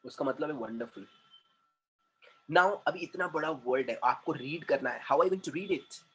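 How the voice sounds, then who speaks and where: A man with an Indian accent teaching an English lesson, who repeats words slowly and switches into Hindi to explain. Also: a little high, pushed and bright, a little hiss or hum, rough recording. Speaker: communication trainer.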